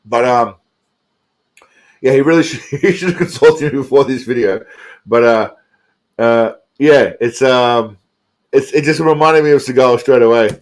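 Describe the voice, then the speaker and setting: A man's voice: mid-range voice, unhurried, pauses often. Tipsy man rambling on a live stream. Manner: rambling, profane, repeats himself. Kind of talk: casual live stream chat.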